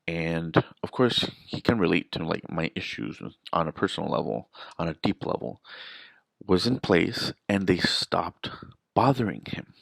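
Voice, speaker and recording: Low gravelly man rambling on camera. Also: unhurried, dry recording. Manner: rambling, restarts, emphatic rhetorical questions. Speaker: vlogger. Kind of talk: casual storytelling monologue.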